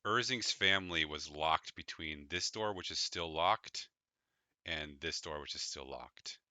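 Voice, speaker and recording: Very deep-voiced man running a tabletop game. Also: measured pace, pushed and bright, no echo. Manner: hesitant, many fillers. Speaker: game master.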